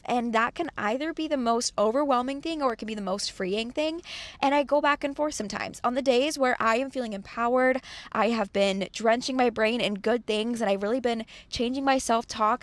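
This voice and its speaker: A woman's voice: fairly high pitch, no room sound. A young woman in a casual, earnest motivational talk, acting out her own complaining thoughts. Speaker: host of self-help channel.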